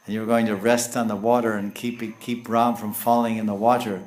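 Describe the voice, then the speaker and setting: A man's voice: on the low side, little pitch movement, normal speed, darkish tone, reverberant, natural voice. A man voicing a divine male voice from the sky, speaking in a raised, reassuring, commanding way.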